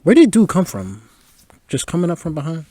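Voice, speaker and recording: A man's voice: on the high side, wildly swooping pitch, fairly quick, mellow, dry recording. A man in his twenties hosting a podcast, giving casual movie commentary with lots of laughs and filler words. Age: 20s. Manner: chatty, laughing, filler-heavy. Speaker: podcast host.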